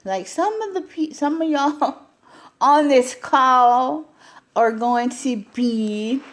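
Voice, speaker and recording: Animated woman with sweeping pitch swings. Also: slow. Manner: animated, voice swinging up and down, laughing often. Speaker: live stream host. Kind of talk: casual live stream talk.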